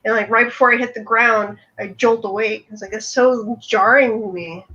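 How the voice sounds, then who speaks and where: A woman's voice: a little high, steady tone, normal speed, bright, forceful tone. Woman, curious, casual podcast chat, dull lo-fi recording. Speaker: podcast co-host. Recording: dull lo-fi audio.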